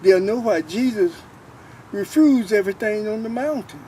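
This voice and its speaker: Older man, high-pitched, earnest informal preacher; faint outdoor traffic behind. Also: expressive, normal speed, dark tone, rough recording. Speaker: preacher sharing faith. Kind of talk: informal spoken testimony.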